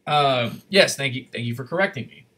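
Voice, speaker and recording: A man hosting a casual livestream from his desk, rambling and correcting himself as he chats, his voice going slightly hoarse. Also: mid-range voice, lively intonation, fairly quick, a bit bright, a little hiss or hum. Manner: rambling, chatty, self-correcting. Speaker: livestream host. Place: at a desk in a room.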